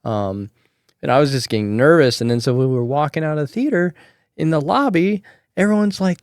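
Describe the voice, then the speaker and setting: Slightly high and a little fast, this man's voice comes through clean studio sound with no echo. He hosts a podcast of casual storytelling chat, bringing the characters to life by acting out their lines and dropping in the occasional curse.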